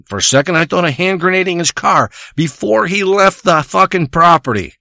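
A man's voice: high voice, animated, normal speed, gravelly, pushed and bright, no echo, studio quality. A man delivering a crude, rambling comic monologue, ranting and swearing as he tells a story.

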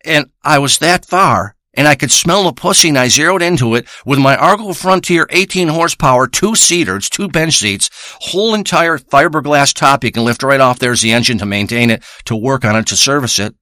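A man's voice: mid-range voice, expressive, fairly quick, bright, forceful tone, dry recording, clean studio sound. A man playing a crude, rambling male treasure hunter who boasts and swears through a comic monologue. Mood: boastful. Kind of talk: improvised comic character monologue.

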